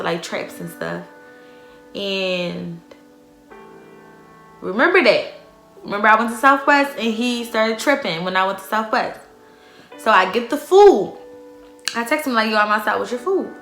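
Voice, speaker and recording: A young woman telling a profane storytime, acting out quoted dialogue with loud outbursts. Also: medium pitch, normal speed, long pauses. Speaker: vlogger. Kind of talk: storytime vlog. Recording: echoey room with faint music.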